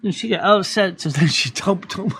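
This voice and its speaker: A man's voice: high-pitched, moderate pace, fairly bright tone, breathy edge, no room sound. A man hosting a live stream in casual chat, rambling with many restarts and self-corrections.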